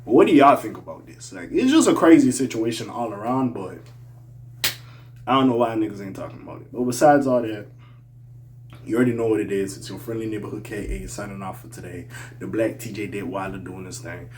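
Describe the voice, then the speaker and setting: A young man with a slight regional accent offers casual opinions on hip-hop, animated and brisk, swinging between loud outbursts and mumbled asides. His voice sits on the low side, and the recording has a little hiss or hum.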